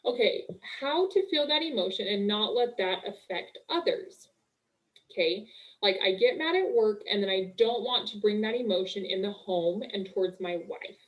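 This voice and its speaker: A young woman working as a marriage coach, talking casually and warmly on a live webinar, full of "like" and "okay", speaking through a video call mic. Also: mid-range voice, animated, normal speed, low-quality recording. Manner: chatty, upbeat, full of "like" and "okay".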